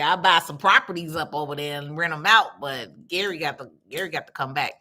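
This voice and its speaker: A woman's voice: low voice, brisk, few pauses. A middle-aged woman, hosting a casual livestream and chatting through viewer comments. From Chicago. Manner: chatty, animated, reads comments aloud. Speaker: livestream host.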